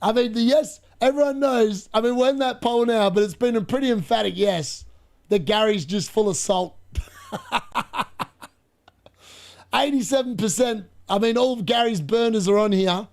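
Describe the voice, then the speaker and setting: A young man commentating live on a football match for his fantasy football stream, excitable, laughing often and talking to his chat. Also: high-pitched, moderate pace.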